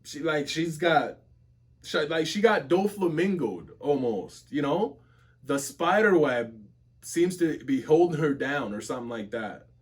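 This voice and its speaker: High, animated man reacting excitedly. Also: unhurried, slightly rough. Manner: exclaims constantly, slangy and animated. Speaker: webtoon reaction streamer. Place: home office.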